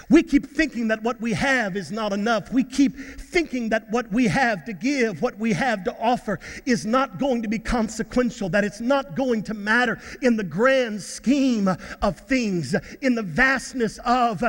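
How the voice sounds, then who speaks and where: A male pastor preaching a sermon in a church, stumbling over fillers and repeats, then rising to shouts. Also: extremely high pitch, animated, a little slow, hardly any pauses, in a large hall. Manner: repetitive, many fillers, bursts to shouts. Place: church sanctuary.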